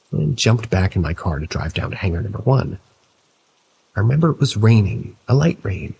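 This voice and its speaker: A man reading a scary story aloud in the first person, telling it in a measured way. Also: low-pitched, a little mellow, a little hiss or hum, rough recording. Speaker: narrator. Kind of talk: scripted horror story narration.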